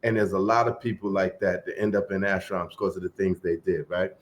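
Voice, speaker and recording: A middle-aged man telling a long story as a podcast guest in a relaxed, casual way, trailing off into fillers and acting out the voices of the people in it. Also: deep voice, fairly quick. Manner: laid-back, acts out quoted voices, trails off into fillers.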